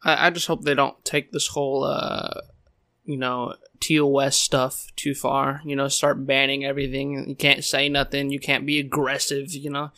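A man's voice: mid-range voice, little pitch movement, moderate pace, sharp tone, no room sound, clean studio sound. A man co-hosting a stream, chatting in a laid-back, agreeable way. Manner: laid-back, agreeable, lots of "dude" and "you know". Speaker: streamer co-host. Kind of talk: casual chat.

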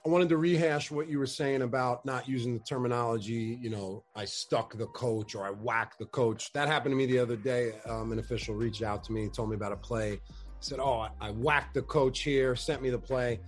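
A man hosting an interview in a relaxed, conversational tone, asking questions and agreeing briefly. His voice sits at a middle pitch for a man. Faint music plays under his voice. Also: a little fast. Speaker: podcast host. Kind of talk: casual interview chat.

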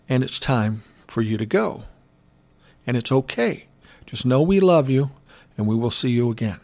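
A middle-aged man telling a personal story in an earnest, emotional and reflective way. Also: medium pitch.

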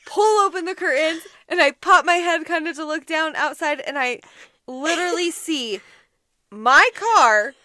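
A woman's voice: sits high, a little slow, pushed and bright, dry recording. A woman co-hosting a casual chat, making dry, self-deprecating asides. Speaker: podcast co-host.

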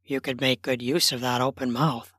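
A woman voicing a lustful, commanding middle-aged man in a breathy, lowered murmur for an erotic story. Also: steady tone, normal speed, a bit bright, dry recording, studio quality. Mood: teasing.

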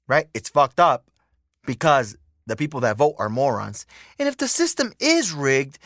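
A man's voice: fairly high pitch, huge pitch swings, normal speed, a bit bright, no room sound, clean studio sound. A young man hosting a podcast, ranting casually and heatedly with lots of profanity and repetition. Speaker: podcast host. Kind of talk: casual political rant.

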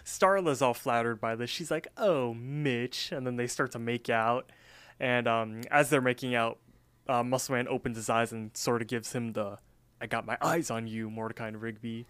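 A man's voice: medium pitch, fairly bright tone, clean tone, no echo. A man co-hosting a podcast, casually recapping a cartoon episode in a rambling style full of fillers. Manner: rambling, filler-heavy storytelling. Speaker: podcast co-host.

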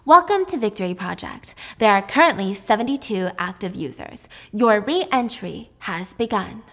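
A woman voicing a female automated system voice that makes a measured announcement. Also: mid-range voice, lively intonation, fairly bright tone. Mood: calm.

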